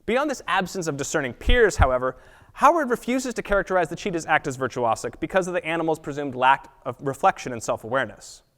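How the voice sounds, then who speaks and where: A man giving an academic lecture at a college, reading prepared text in a measured way and sometimes correcting himself. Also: fairly high pitch, animated, a bit bright. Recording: long reverb of a lecture hall.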